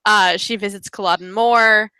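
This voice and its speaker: A woman co-hosting a relaxed chat, talking in long rambling runs full of fillers. Her voice is bright and forward, and the recording is dry and close, with no room sound. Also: mid-range voice, moderate pace, clear, resonant tone, no room sound. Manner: chatty, rambling recaps with fillers. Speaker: co-host. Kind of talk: casual chat.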